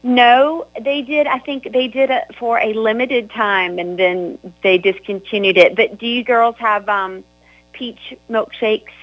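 A woman with a Southern US accent, chatting as a guest author in an encouraging, talkative way with quick restarts. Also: on the high side, no room sound, low-quality recording. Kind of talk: casual chat.

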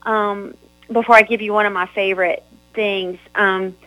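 A woman with a Southern US accent, chatting as a guest author in an encouraging, talkative way with quick restarts. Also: medium pitch, fairly even intonation, sharp tone, dry recording, rough recording. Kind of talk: casual chat.

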